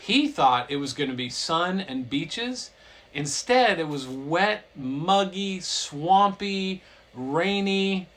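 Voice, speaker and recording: A man's voice: high-pitched, slow pace, rough recording. A man retelling a story in a goofy, playful comic way, full of silly asides. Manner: playful, animated, lots of silly voices.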